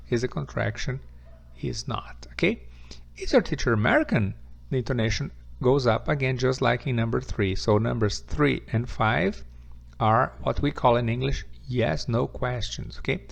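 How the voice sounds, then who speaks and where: A man's voice: mid-range voice, unhurried, gravelly. A man teaching an English grammar lesson, patiently repeating example questions and answers, speaking English as a non-native with Portuguese as his first language.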